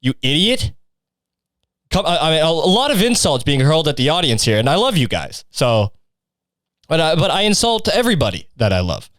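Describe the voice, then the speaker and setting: Young male podcast host, slightly high and smooth voice, crude rambling comic delivery. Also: big pitch swings, a little fast, a bit bright, no room sound, studio quality. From Canada. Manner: crude, rambling, insult-heavy. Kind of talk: solo comedy podcast rant.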